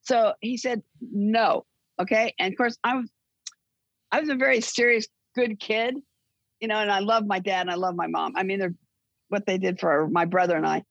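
Husky older woman, gravelly and dry. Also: medium pitch, fairly even intonation, normal speed, no room sound, muffled recording. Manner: rambling, self-correcting storyteller. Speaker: guest. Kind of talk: casual chat, storytelling.

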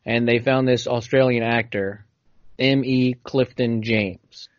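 A man's voice: medium pitch, fairly even intonation, slow, dry recording. A man hosting a casual podcast, telling a story and reading passages aloud, stumbling now and then over hard words. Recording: dull, dry lo-fi audio.

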